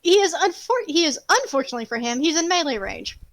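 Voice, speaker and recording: Brief: high-pitched woman game master, animated, swears freely, dry close sound. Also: fast talker, dry recording. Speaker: game master narrating a tabletop game. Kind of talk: casual tabletop narration.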